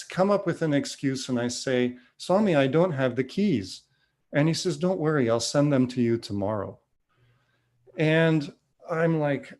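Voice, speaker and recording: A man's voice: medium pitch, darkish tone. A man in his fifties giving a spiritual testimony talk, telling his story earnestly with restarts and acted-out dialogue. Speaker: devotional speaker.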